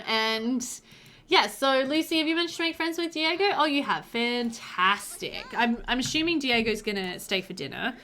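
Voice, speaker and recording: Young woman let's-play host, lightly high-pitched, chatty, doting commentary. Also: sharp tone. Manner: chatty and doting, coos over pets, frequent laughs. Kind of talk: casual gameplay commentary.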